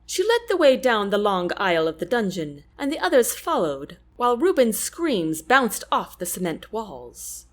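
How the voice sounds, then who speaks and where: Expressive woman narrating a story. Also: medium pitch, normal speed, hardly any pauses. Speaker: audiobook narrator. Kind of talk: scripted narration.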